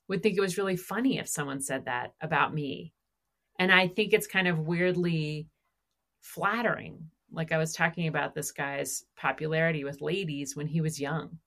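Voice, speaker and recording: A woman's voice: sits low, normal speed. A middle-aged woman hosting a casual conversation, telling stories and acting out what people said. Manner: animated storyteller, acts out quoted dialogue. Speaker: podcast host asking questions.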